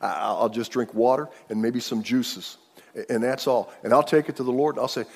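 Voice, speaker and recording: A man's voice: mid-range voice, moderate pace, gravelly, in a large hall. A man preaching a sermon as pastor, talking in a loose, conversational way with frequent repeated words.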